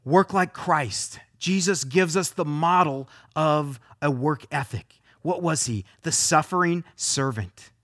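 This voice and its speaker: A man's voice: on the high side, takes it slowly, fairly bright tone, dry recording, clean studio sound. A man preaching a sermon as a pastor, talking emphatically, repeating phrases and firing off rhetorical questions.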